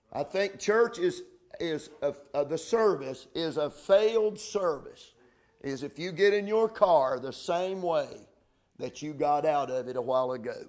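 Slow high-voiced preacher man. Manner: slow preaching with emphatic repetition of scripture. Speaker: pastor. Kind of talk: sermon.

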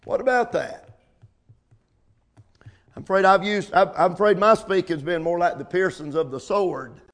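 Male preacher, high-pitched, folksy sermon delivery with amens. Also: unhurried, pauses often. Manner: preaching with call-outs of amen and come on now.

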